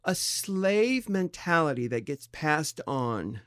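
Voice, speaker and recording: A middle-aged man from San Diego, co-hosting a podcast in candid, casual talk, thoughtful and halting with expressive swings in pitch. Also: clear, resonant tone, no echo, studio quality. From San Diego, California. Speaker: podcast co-host.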